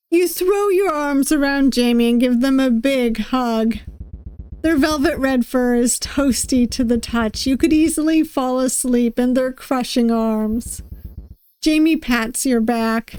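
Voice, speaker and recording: A woman's voice: high voice, takes it slowly, darkish tone, clear, resonant tone. A woman streaming a visual novel playthrough, reading its text aloud with playful voices and laughter.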